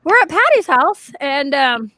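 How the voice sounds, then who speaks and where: A woman's voice: sits high, sing-song, measured pace, pushed and bright, no echo. A woman paranormal investigator rambling through a story in casual chat, often restarting her sentences.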